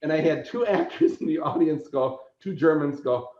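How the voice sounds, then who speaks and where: A man telling convention stories in casual chat, lively and laughing, acting out quotes. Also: on the high side, normal speed. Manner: animated, laughing, acts out quoted voices. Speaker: convention organizer, podcast guest. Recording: roomy, dull lo-fi sound.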